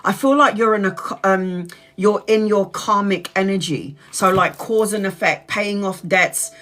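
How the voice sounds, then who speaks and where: A woman's voice: medium pitch, unhurried, fairly bright tone. A woman giving a live-streamed tarot reading, chatty and blunt, swearing casually as she talks. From Brazil. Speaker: tarot reader.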